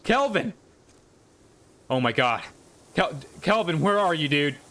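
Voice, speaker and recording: A man doing live gameplay commentary on a desk mic at home, excitable and cursing as he yells at enemies. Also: a little high, takes it slowly. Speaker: gaming YouTuber. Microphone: desk condenser mic.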